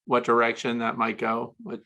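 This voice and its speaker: A man's voice: mid-range voice, completely flat delivery, normal speed, vocal fry, sharp tone. A man hosting a casual interview, chatty and curious, asking follow-up questions. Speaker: interviewer host.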